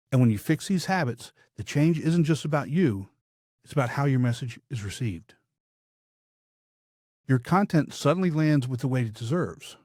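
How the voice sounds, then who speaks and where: Male podcast host, speaking coach; husky mid voice, scripted and emphatic delivery. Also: medium pitch, warm tone, dry recording, studio quality. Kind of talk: scripted instructional podcast talk.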